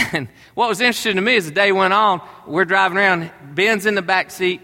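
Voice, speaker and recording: A middle-aged pastor delivers a conversational sermon, telling stories to his congregation. His high voice is brisk and sharp-toned, and the recording has a big-room sound.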